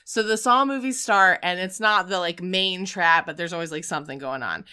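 A woman hosting a casual chat, recapping a film in an animated storytelling way and acting out scenes with shouts. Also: on the low side, normal speed, smooth. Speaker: podcast host recapping films.

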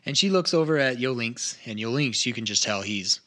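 A man narrating as game master of a tabletop game in a relaxed, rambling way. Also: mid-range voice, brisk.

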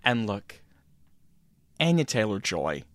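A man's voice: on the low side, big pitch swings, takes it slowly, no echo. A man co-hosting a podcast, chatting casually and joking around, swearing freely. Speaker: podcast co-host. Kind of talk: casual chat.

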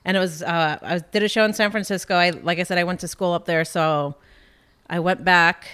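A woman comedian chatting casually as a podcast guest, telling animated stories. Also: on the low side, fairly quick, clean tone. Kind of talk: casual podcast chat, storytelling.

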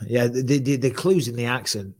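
A man's voice: mid-range voice, a little fast. Jokey, rambling man hosting a chat. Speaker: podcast host. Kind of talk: casual chat.

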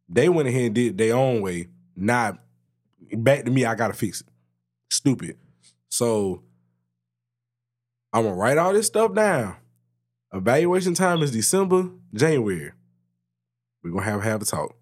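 A man co-hosts a casual podcast, telling a story about work. His pitch swings widely and jumps up high when he gets worked up. He swears freely and talks in loose, animated bursts. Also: normal speed, long pauses. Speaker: podcast co-host. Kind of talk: casual chat.

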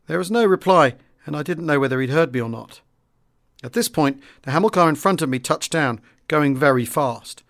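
A man reading a wartime memoir aloud in the first person, steady and understated. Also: a little high, normal speed, creaky. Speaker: audiobook reader.

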